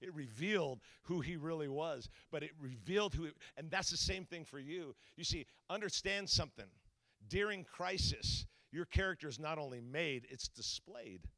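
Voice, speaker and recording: A man's voice: on the high side, moderate pace, no room sound. A middle-aged man preaching a sermon as a guest speaker, telling stories and acting out the voices in them. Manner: storytelling, animated, acts out quotes.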